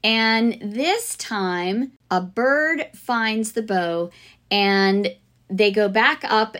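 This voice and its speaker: Very slow and medium-pitched with some brightness, this woman's voice belongs to a music-teacher podcast host. She chats enthusiastically and casually about lesson ideas, filling in with fillers and restarts, chanting rhythms and singing bits.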